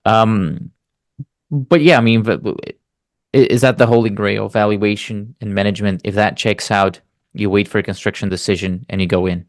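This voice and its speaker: A man with a low voice hosts an interview, recorded dry and close with no room sound. He sums up what he has learned and asks his questions hesitantly, stumbling over his restarts. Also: fairly even intonation, moderate pace, no room sound. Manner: hesitant, summarizing, stammering restarts. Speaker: interview host.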